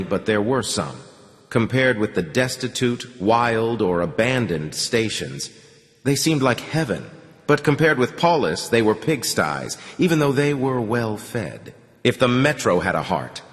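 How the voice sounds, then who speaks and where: A man narrating a novel as an audiobook in a measured, steady storytelling voice. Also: fairly low pitch, in a large hall.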